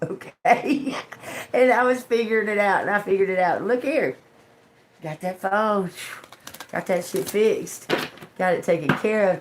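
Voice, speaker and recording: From home, a woman streams live on her phone as a tarot reader, rambling through a tale with swearing and laughter. She speaks a little slowly in an expressive mid-range voice, and the recording carries a faint hiss or hum.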